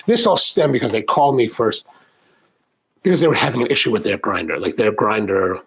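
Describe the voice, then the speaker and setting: A man's voice: lowish voice, animated, brisk, a bit bright, husky. A middle-aged man hosting a coffee channel, chatting casually and rambling through viewer questions with many restarts and asides.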